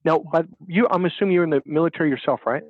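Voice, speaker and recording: In an animated interview, a dating coach tells stories and emphatically acts out the voices of the people in them. His voice sits a little high and he talks at a racing clip. The recording is dry and the audio sounds dull.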